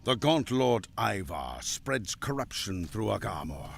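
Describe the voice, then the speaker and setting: A man putting on the voice of a solemn old male wizard who tells a tale slowly and gravely, over game music. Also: fairly low pitch, sing-song, voice pushed down, exaggerated voice.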